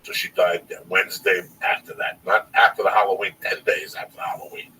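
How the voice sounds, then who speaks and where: A man's voice: low voice, little pitch movement, brisk, bright, forceful tone. A man around sixty telling a long personal story on a podcast, cursing freely and rambling with emphasis. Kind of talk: casual storytelling. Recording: distant mic, faint noise.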